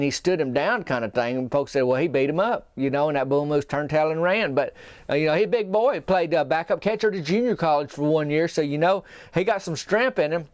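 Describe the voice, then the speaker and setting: A man telling a rambling comic tall tale as a podcast host, folksy and meandering with deadpan asides. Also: fairly high pitch, no echo, clean studio sound.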